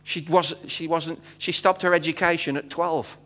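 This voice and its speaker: A man's voice: on the high side, normal speed. British man preaching in a reverberant church. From Britain. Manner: animated storyteller acting out dialogue, frequent fillers. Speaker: guest missionary speaker. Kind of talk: storytelling sermon. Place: church sanctuary. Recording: long hall reverb.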